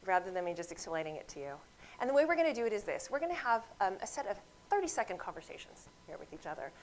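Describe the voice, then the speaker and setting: A woman's voice: mid-range voice, a little hiss or hum, poor audio. A woman physician giving a grand rounds lecture, telling clinic stories and speaking straight to her audience. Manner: lively storytelling, acts out quoted voices; addresses audience directly.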